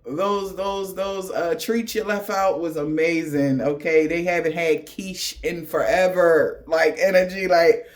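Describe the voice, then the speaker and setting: A man's voice: fairly high pitch, a little slow, hardly any pauses. A man gives a casual spiritual reading. He talks in a loose, slangy, profane way. He laughs often as he spins stories. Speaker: tarot reader.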